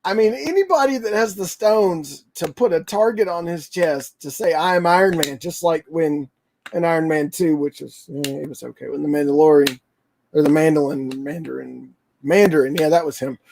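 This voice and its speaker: A man hosts a casual livestream and rambles excitedly, with many ums and restarts. His voice sits a little high for a man. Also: moderate pace, slight background noise. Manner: rambling, excitable fan talk with fillers. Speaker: toy channel livestream host.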